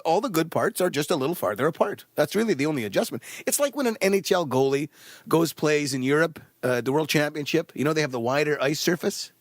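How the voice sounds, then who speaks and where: Gravelly, animated male stand-up comic. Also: sits high, dry recording, studio quality. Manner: rambling, meandering delivery with fillers and laughs. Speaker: stand-up comedian. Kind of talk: stand-up comedy.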